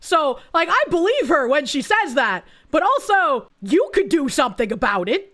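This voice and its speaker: A woman's voice: high voice, very animated, moderate pace, a bit bright. A woman giving blunt, sarcastic reaction commentary as a streamer, swearing freely.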